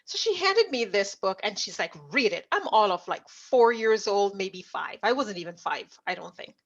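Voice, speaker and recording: Middle-aged woman from Jamaica, lively storyteller guest, mid-pitched, dull lo-fi call audio. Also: moderate pace. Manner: animated storyteller, acts out remembered dialogue. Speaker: leadership coach, guest. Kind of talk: conversational storytelling interview.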